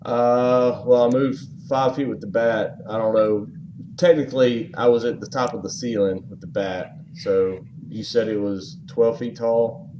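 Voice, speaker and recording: A man's voice: mid-range voice, steady tone, unhurried, dull audio, noisy background. A man playing a tabletop game, thinking aloud and asking questions as he plans his moves. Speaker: player. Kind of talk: casual tabletop game chat.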